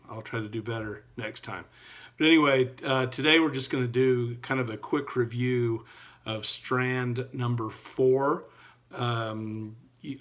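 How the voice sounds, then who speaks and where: A middle-aged man who teaches entrepreneurship records an update for his class, speaking in a relaxed, folksy style full of fillers. His voice is mid-range.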